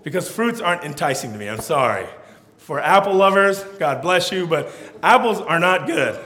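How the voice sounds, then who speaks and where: A man preaching a humorous sermon as pastor, with animated, joking storytelling. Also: fairly high pitch, normal speed, roomy sound.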